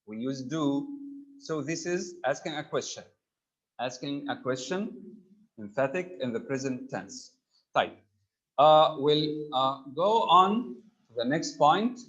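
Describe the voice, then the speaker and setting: A man's voice: fairly high pitch, expressive, slow, a bit bright, highs cut off. A man teaching an online English grammar class, explaining terms and checking in with students. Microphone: computer mic on a video call.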